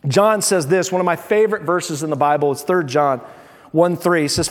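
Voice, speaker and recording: A man preaching a sermon as a pastor, animated and acting out the voices of people he quotes. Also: high voice. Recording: long hall reverb.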